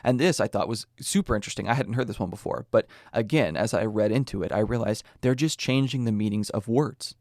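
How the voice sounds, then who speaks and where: A man's voice: on the low side, brisk, few pauses, a little mellow, no echo, studio quality. A young American man hosting a podcast, explaining ideas earnestly with small personal asides. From United States. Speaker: podcast host. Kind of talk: scripted explanatory talk.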